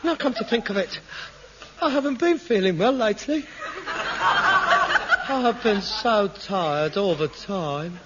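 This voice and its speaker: An actor playing a self-pitying, melodramatic grown son in an old radio sitcom. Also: male voice, sits high, very animated, slow pace, long pauses, exaggerated voice. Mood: panicked. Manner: melodramatic, whining, theatrical. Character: hypochondriac adult son, dramatic and self-pitying. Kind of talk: 1960s radio sitcom acting. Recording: dull old broadcast recording with loud hiss.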